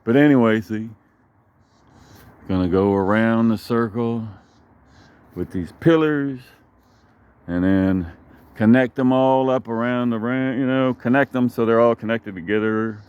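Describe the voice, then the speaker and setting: A man's voice: medium pitch, a little slow, pauses often, clear, resonant tone, narrow, tinny audio. Rambling, profane man telling a story. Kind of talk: casual storytelling vlog. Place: outdoor backyard.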